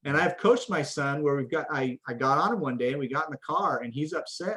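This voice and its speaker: Speaking quickly with few pauses, a middle-aged man, a coach and parent educator, responds to interview questions in an earnest, conversational manner. His voice is on the high side, expressive and fairly bright. He tends to restart sentences, repeating words at their start.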